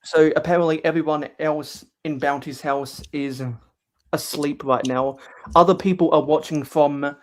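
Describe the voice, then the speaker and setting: A man's voice: a little high, steady tone, a little slow. Hesitant man hosting a livestream. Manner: hesitant, many fillers, reads chat aloud. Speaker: livestream host. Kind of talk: casual livestream chat while building LEGO.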